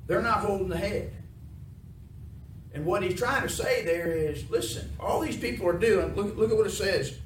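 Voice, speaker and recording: A man's voice: high voice, normal speed. A man preaching a sermon in a folksy way, often asking his congregation questions. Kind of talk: sermon with call and response. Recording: echoey room, mic from far off, noisy.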